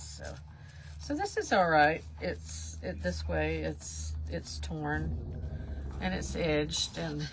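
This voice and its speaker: A woman's voice: deep voice, slow pace, vocal fry, noisy background. A woman hosting a live craft demonstration, chatting in a rambling, self-deprecating way as she works. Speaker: craft livestream host.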